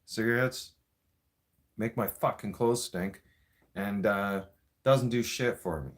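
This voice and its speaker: A man's voice: on the low side, takes it slowly. A man in a profane, mocking political rant, cursing and repeating himself. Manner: vaping while talking. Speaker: vlogger.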